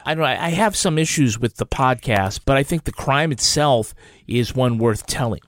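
Hesitant, measured podcast co-host man. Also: medium pitch, expressive, no echo, studio quality. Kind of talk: casual review chat.

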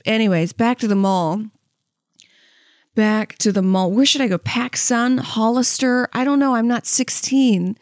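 A woman in her thirties riffs through a comedic podcast monologue, candid and self-mocking, peppering it with "like" and "you know what I mean." Her voice sits a little high for a woman. It is recorded dry and close, with no room sound. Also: unhurried, no echo. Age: 30s. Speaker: podcast host.

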